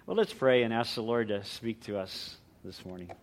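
A middle-aged man, a pastor, preaching a sermon and praying in an earnest, measured way. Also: on the low side. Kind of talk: sermon with prayer.

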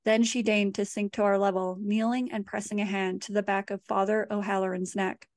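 In a close, dry recording free of any room sound, a woman with a mid-pitched voice reads from her horror fiction. She's the author, and her delivery stays even and deliberate.

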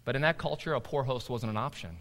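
A middle-aged man preaching a sermon, animated, swinging between loud emphasis and quiet asides. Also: mid-range voice, quick pace, long reverb tail. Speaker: pastor.

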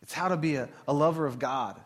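A man in his thirties, a pastor, preaching a sermon in a conversational, animated way with casual asides. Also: a little high, fast, slightly rough.

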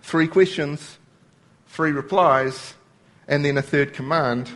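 A man's voice: a little high, slow pace, a bit bright. A man preaching a sermon, explaining scripture word by word and quoting lines as he goes.

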